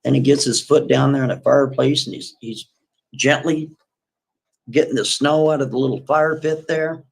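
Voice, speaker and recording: A man hosting a livestream, retelling a story in a casual, folksy way with repetitive, animated asides. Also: medium pitch, normal speed, vocal fry, husky, poor audio.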